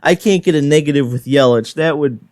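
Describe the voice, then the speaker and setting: Man doing smooth, dry game commentary. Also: a little high, fairly quick, a little mellow, no echo. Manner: frustrated, self-deprecating play-by-play. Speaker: gaming channel host. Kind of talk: gameplay commentary.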